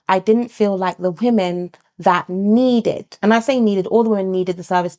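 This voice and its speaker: A British midwife speaks in a relaxed interview, her mid-range voice carrying a gravelly edge. She tells her story with animation, slipping into other people's voices when she quotes them. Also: mid-range voice. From England. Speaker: midwife and founder of a sonogram service. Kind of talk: conversational interview.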